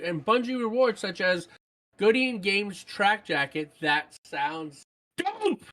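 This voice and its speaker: Woman, gaming podcast co-host, casual chat, animated, reads listener comments aloud. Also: medium pitch. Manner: animated, jumps to excited shouts.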